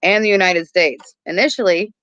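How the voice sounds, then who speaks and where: A woman's voice: lowish voice, moderate pace, a bit bright, dry recording, dull audio. A woman co-hosting a casual podcast, chatting loosely, laughing often, swearing freely and poking fun at herself. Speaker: podcast co-host. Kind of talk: casual chat.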